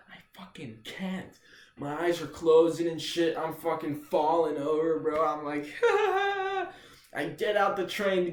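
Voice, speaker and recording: A young man rambles through a casual storytime, swearing freely and tacking "dude" onto nearly every line. His voice sits a little high for a man. The room around him is bare and echoey. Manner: rambling, profane, says "dude" constantly. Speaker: vlogger.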